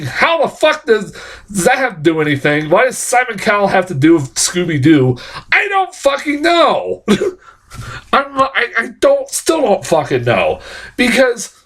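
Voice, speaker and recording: A man's voice: high-pitched, big pitch swings, measured pace, a bit bright. A man reviewing a film in a casual, profane, exasperated rant. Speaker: movie reviewer.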